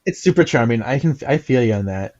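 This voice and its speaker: A man co-hosting a podcast in casual chat, giggly and animated, reading comic pages aloud. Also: mid-range voice, fast, dull audio. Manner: giggly, animated, acts out lines in silly voices. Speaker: podcast co-host.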